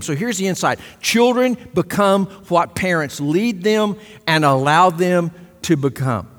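A man's voice: on the high side, big-room sound. A middle-aged man preaching a sermon, emphatic, repeating key phrases and asking the congregation for agreement. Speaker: pastor.

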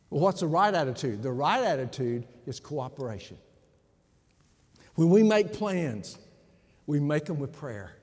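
A man's voice: fairly high pitch, a little mellow. A man preaching a sermon as pastor, emphatic and speaking directly to his congregation. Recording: long hall reverb.

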